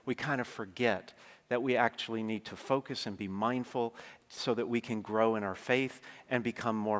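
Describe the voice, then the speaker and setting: A man delivering a sermon in a relaxed, conversational way, weaving in personal stories and frequent asides to the congregation. His voice sits at an ordinary middle pitch. A long reverb trails his words through the big church. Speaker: preacher. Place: large church.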